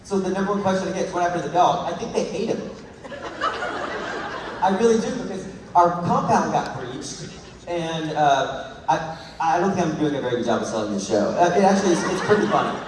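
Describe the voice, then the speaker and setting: A man holds a big convention hall with rambling comedic stories, laughing as he goes. His voice sits slightly high and sounds far off, wrapped in long, roomy reverb. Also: expressive, brisk, noisy background. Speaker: actor answering fan questions at a panel. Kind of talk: comedic storytelling on stage. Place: large convention hall with audience.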